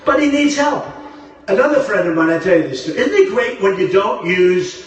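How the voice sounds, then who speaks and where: Captured far off on a phone livestream from within the crowd, a male political candidate delivers a boastful, rambling campaign speech full of repetition. His high-pitched voice is animated and brisk, and the huge arena makes the audio very echoey.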